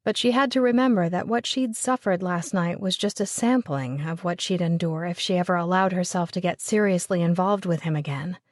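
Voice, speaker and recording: A woman narrating a romance audiobook in a steady, even storytelling voice. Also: on the low side, fairly quick, few pauses, no room sound, clean studio sound. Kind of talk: scripted narration.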